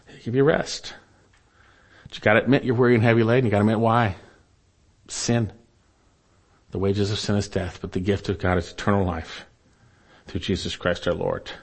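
A male pastor delivers a sermon in an earnest, measured way. His voice sits at an ordinary middle pitch. He slows for emphasis and lets his phrases fall quiet at the ends.

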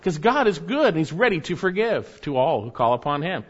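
A man's voice: fairly high pitch, brisk, slightly rough. A man preaching a sermon and reading scripture aloud, his voice rising and falling expressively. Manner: expressive preaching, reads scripture aloud with wide swings in loudness. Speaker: pastor. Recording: dull lo-fi recording.

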